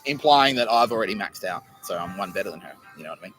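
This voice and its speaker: Aussie man, rambling profane podcast host, lively bright voice, faint music behind. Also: deep voice, fast, poor audio. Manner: profane, joking, laughs often. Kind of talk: rambling casual monologue. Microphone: own camera.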